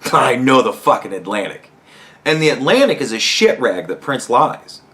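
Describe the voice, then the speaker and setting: A young man hosting a podcast, ranting heatedly with constant swearing and rising to shouts. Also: medium pitch, sing-song, normal speed. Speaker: podcast host. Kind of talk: profane rant commentary.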